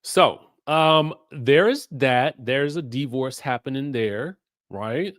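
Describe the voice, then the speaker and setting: A man with runs a casual pop culture commentary. His pitch swings widely as he teases and riffs, and his unhurried delivery sits close and dry on the mic. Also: no echo. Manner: animated, playful, sassy asides to viewers. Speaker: host.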